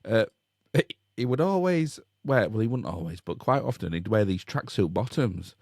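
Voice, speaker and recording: Middle-aged man, husky mid-pitched voice, dry close sound, wry chuckling storyteller. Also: animated, moderate pace, darkish tone, no echo. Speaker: podcast co-host. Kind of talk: casual chat.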